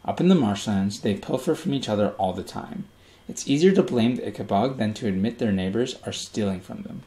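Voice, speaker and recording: A man voicing a gentle young mother who softly soothes her frightened child at bedtime in a storybook reading. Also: lowish voice, lively intonation, a little fast, roomy sound. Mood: soothing.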